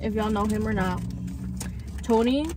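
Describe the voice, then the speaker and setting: A teenage girl chats through an eating vlog in a slangy, casual way. Her voice sits a little high, and she talks around her food. Faint car and outdoor noise hums behind her. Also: moderate pace. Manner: chatty, slangy, talks with mouth full. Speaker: vlog host. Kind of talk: casual mukbang chat.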